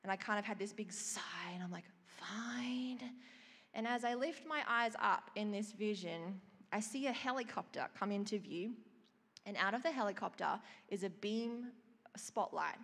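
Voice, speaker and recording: A woman preaching a sermon, telling of a vision in an expressive storytelling way and reading scripture. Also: mid-range voice, moderate pace, long reverb tail.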